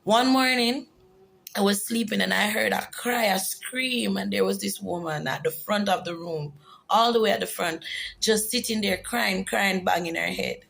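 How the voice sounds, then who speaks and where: A woman's voice: medium pitch, moderate pace, gravelly, a bit bright, poor audio. A woman giving an earnest, emotional personal testimony in a vlog. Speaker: vlogger.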